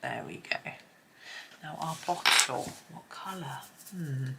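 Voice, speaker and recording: A woman hosting a colouring tutorial, chatting as she works and often dropping to a soft near-whisper. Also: low-pitched, takes it slowly, vocal fry, heavy background noise. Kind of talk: relaxed colouring tutorial narration.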